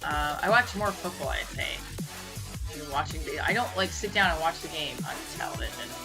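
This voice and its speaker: A woman's voice: sits low, moderate pace, over music. A young woman rambling casually through a home livestream, chatting and answering comments with the odd swear word. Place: room at home.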